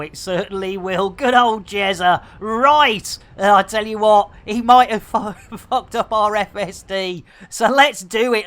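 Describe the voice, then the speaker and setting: A man's voice: high-pitched, a bit bright. Jokey British man streaming a game. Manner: jokey, rambling, innuendo-laden. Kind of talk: comedic live gameplay commentary.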